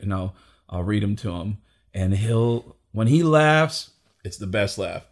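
A man's voice: fairly low pitch, unhurried. A male stand-up comedian telling a story in casual chat, acting out the quotes and swearing freely.

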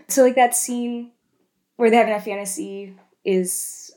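A woman co-hosting a casual podcast, retelling film scenes in an animated way and tagging lots of questions. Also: fairly high pitch, unhurried. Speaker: podcast co-host.

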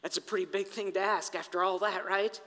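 A man preaching a sermon as pastor, dramatic, swinging from stressed words to hushed near-whispers and asking rhetorical questions. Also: sits high, steady tone, brisk. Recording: long hall reverb, faint music behind.

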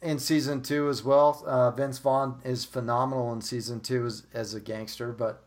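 A man's voice: mid-range voice, flat delivery, normal speed. A man co-hosting a casual podcast who laughs a lot and asks the guests questions. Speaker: podcast co-host.

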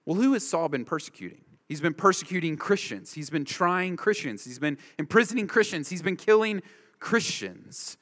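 A man preaches a verse-by-verse sermon in a rather high voice, pressing each point home with short repeated phrases. His words ring out with a long reverb, as in a large church sanctuary. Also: expressive, normal speed, a bit bright. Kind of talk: expository sermon.

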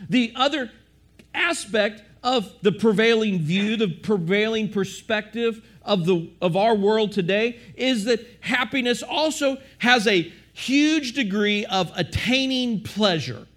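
Male preacher, high voice, questions the congregation, restarts a lot. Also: takes it slowly, a bit bright. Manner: questioning the audience, repetitive restarts. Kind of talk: sermon.

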